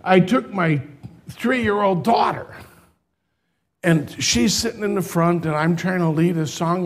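An older man, a pastor, telling a personal story in a sermon, animated at first and later quiet and tender. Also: sits high, breathy edge.

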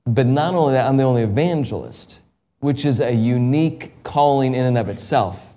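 A middle-aged man preaching a sermon as an evangelist, swinging from quiet storytelling to loud, impassioned peaks. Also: medium pitch, moderate pace.

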